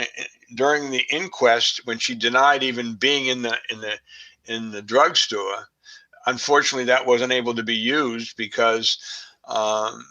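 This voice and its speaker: A man's voice: medium pitch, bright, forceful tone, lo-fi sound. A man with a Boston accent, a forensics expert guest, talking casually with many fillers and restarts. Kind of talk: casual conversation.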